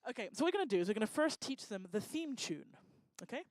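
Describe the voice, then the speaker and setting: A woman doing lively, teasing crowd work on a live talk stage, speaking into a handheld microphone. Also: on the high side, no room sound. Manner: energetic, teasing, bossy and quick to joke. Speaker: stage performer working the crowd.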